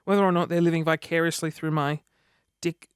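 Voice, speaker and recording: Man, 30s, vlogger; high, dramatic, self-deprecating chatter, dry recording. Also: fairly even intonation, brisk, clear, resonant tone, no room sound. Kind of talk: casual chat to camera.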